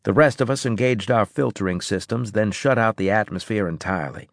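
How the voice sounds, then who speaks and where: A man reading a first-person science fiction audiobook in a gruff, clipped way. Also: lowish voice, a little fast, no room sound, clean studio sound. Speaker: audiobook narrator.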